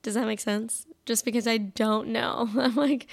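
A woman's voice: on the high side, flat delivery, measured pace, vocal fry. A young woman hosting a solo podcast, talking casually and rambling with lots of fillers and restarts. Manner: rambling, many fillers and self-interruptions. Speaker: podcast host.

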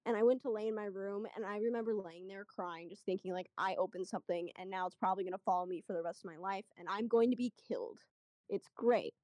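A young woman telling a story in casual chat, chatty and animated, acting out what people said. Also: medium pitch, fast talker, no room sound. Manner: chatty, animated retelling with quoted voices. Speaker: guest storyteller.

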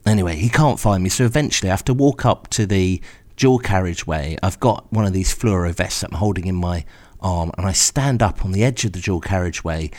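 Sex: male. Role: storyteller. Pitch: low. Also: fairly quick. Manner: wry, exasperated, animated retelling. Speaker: podcast storyteller host. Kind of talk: first-person storytelling.

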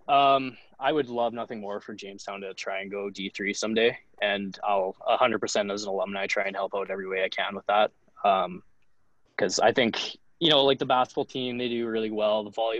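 A man's voice: on the low side, a bit bright, no room sound, dull audio. A young man, a college hockey goalie guesting on a podcast, telling stories in a rambling way, full of fillers and acted-out quotes. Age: young adult. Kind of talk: casual storytelling chat.

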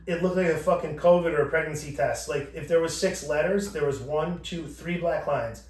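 A man's voice: fairly high pitch, moderate pace. A man hosting a podcast, telling a story casually with lots of swearing and acting out both sides of the exchange. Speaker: podcast host. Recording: echoey room, distant from mic.

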